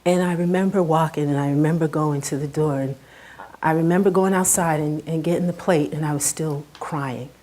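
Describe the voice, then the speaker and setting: Middle-aged woman, heartfelt storyteller on a talk stage; warm, soft tone that climbs and sinks with emotion. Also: low voice, steady tone, brisk. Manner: earnest and heartfelt, rises and drops sharply with emotion. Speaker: speaker giving a talk. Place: stage before a live audience.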